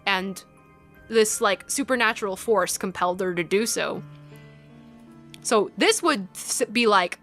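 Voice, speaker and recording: Excitable woman narrating a game. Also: medium pitch. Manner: chatty, excitable. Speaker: let's player. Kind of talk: game commentary.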